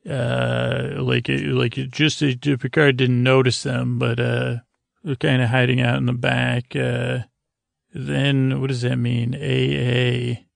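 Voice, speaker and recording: A man hosting a podcast, giving a halting, filler-heavy episode recap meant to lull listeners to sleep. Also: medium pitch, flat delivery, vocal fry, dry recording, studio quality. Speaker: podcast host.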